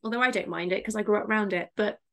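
A woman's voice: mid-range voice, a bit bright. Chatty woman with a West Country accent. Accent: West Country English. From Somerset, England. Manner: chatty, self-mocking, quick to laugh. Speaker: author guest. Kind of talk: casual interview chat.

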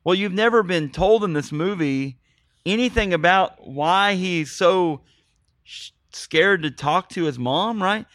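A man's voice: high voice, lively intonation, measured pace, fairly bright tone, dry recording, studio quality. A man co-hosting a podcast, chatting casually and sarcastically about a bad movie and talking to listeners as "folks". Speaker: podcast co-host. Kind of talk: casual movie-review chat.

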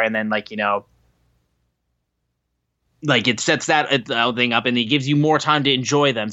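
Man, podcast co-host, casual animated chat, crisp bright voice, dry slightly dull recording. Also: medium pitch, dry recording. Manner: animated, swearing, acts out quotes. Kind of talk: casual chat recapping wrestling shows.

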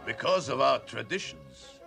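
A man's voice: medium pitch, expressive, vocal fry. An actor playing a pious, folksy village milkman in a film musical, telling his story with wry humor over music. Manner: slow, sing-song storytelling. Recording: film clip with music behind.

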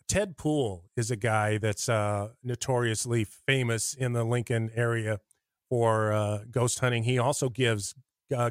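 A middle-aged man with an American Midwest accent, a radio personality telling rambling, animated stories in a conversational interview. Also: medium pitch, no room sound, studio quality. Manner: rambling, animated anecdotes with acted-out quotes. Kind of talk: conversational storytelling.

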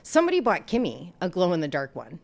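A woman's voice: lowish voice, huge pitch swings, quick pace, gravelly. A middle-aged woman co-hosting a casual podcast chat, swearing freely and acting out quotes as she tells stories. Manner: profane, storytelling, acts out quotes. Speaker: podcast co-host.

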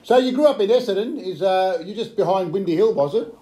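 Co-host: man, fast, mellow tone, chatty asides. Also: high-pitched, animated. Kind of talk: casual chat.

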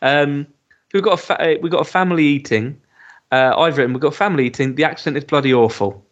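A man's voice: a little high, fast, muffled recording. A man co-hosting a podcast, chatting casually about a TV episode with lots of ums and restarts. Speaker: podcast co-host. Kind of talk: casual chat reviewing a TV episode.

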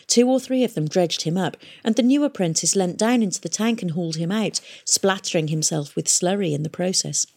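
A woman reading a novel aloud in a steady, measured storytelling manner. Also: on the low side. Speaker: audiobook reader. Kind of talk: audiobook narration.

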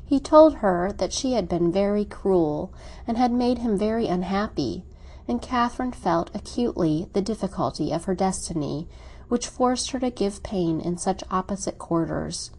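A woman reading a classic novel aloud as an audiobook narrator, in a measured, unhurried way. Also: mid-range voice, animated, mellow, husky.

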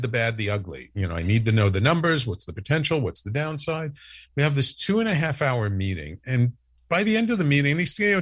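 A man telling a story in a casual interview, acting out the quoted lines with lively, animated delivery. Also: mid-range voice, no room sound. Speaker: podcast network founder, guest.

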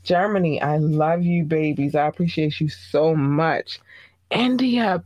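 A show host from Baltimore giving casual, effusive and affectionate shout-outs to listeners, with big playful jumps in pitch. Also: a little slow, no echo, highs cut off. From Baltimore, Maryland. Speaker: podcast host.

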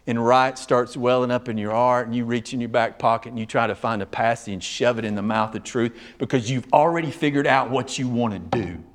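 A male preacher with a drawl delivers a sermon full of drama. He rises to loud, raised passages, then drops to near-hushed tones. His pitch sits in a middle range for a man. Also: a little fast, few pauses. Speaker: pastor.

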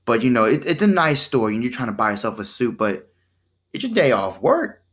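A man talks through his podcast in a loose, conversational monologue at an ordinary middle pitch. He keeps it animated, checks in with the listener, and slips into other voices for the exchanges he retells. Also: fairly quick. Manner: animated, acts out quoted exchanges in shifting voices; conversational, with repeated "right?" and "you know". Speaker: podcast host.

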